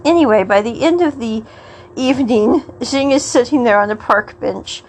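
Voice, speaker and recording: A woman's voice: on the high side, moderate pace, a little hiss or hum, poor audio. A woman hosting a podcast, recapping a drama episode in a chatty, rambling way and often laughing mid-sentence. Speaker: podcast host.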